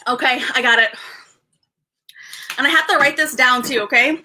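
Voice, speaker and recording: A young woman hosting a casual live stream, excited and rambling, stumbling over restarts and fillers as she chats with viewers. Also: sits high, normal speed, a little hiss or hum. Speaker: livestream host.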